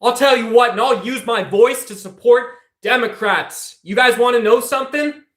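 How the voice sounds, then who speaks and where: Speaking at a normal pace in a very high, slightly bright voice, a male political streamer heatedly rants at his chat. He confronts the viewers directly. His recording has an echoey room sound.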